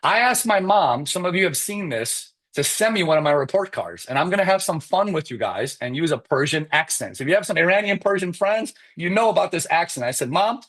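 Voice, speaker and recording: An Iran-born man in his forties gives a motivational keynote about his life. He talks in quick, energetic bursts and keeps tagging his sentences with "right?". His voice sits a little high for a man. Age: 40s. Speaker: mortgage business leader and speaker.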